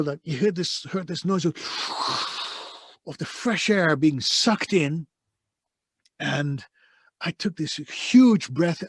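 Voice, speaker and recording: A man's voice: a little high, no room sound. A man with a Dutch accent, a voice-over artist, telling his story with passion and emphasis in a soundproof home studio. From Netherlands. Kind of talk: conversational interview storytelling.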